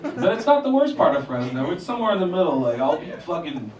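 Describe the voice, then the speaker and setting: Speaking fast in a high-ish, sing-song voice, a young man does profane stand-up at his own expense, mimicking others. The set is live in a small theater, picked up by a roomy mic from a distance, with loud laughter from the audience.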